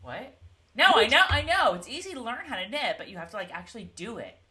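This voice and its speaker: A woman's voice: a little high, very animated, fast talker, bright, forceful tone. A woman co-hosting a casual TV recap chat, telling the story with lots of energy and acting out the characters' lines. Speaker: podcast co-host.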